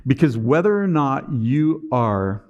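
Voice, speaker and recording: A man's voice: mid-range voice, big pitch swings, slow pace, a little mellow, muffled recording. A man giving a motivational talk at a conference with a sarcastic, dry sense of humor, often repeating words as he starts a sentence. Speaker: conference speaker. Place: conference stage.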